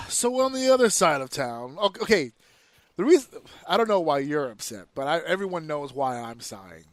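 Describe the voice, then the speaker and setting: Male podcast co-host, higher-pitched, animated and foul-mouthed, dry close sound. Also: normal speed, no echo. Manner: animated, profane, rants excitedly. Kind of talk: casual wrestling podcast chat.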